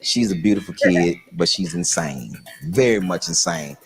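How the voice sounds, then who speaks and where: A middle-aged man telling stand-up comedy stories in a lively, punchy way. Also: deep voice, moderate pace.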